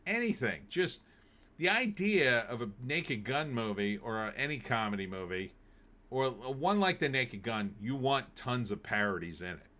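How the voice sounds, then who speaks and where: A man's voice: medium pitch, big pitch swings, moderate pace, pushed and bright. A man hosting a show alone, chatting casually and giving opinions as he reads live chat and thinks aloud with fillers. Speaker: show host. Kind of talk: casual solo commentary reading live chat.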